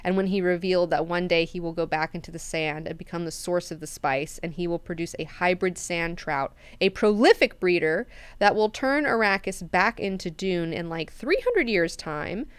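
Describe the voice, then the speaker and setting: A woman's voice: lowish voice, smooth, no room sound. A woman hosting a book club, recapping chapters in a chatty way, full of fillers and casual swearing.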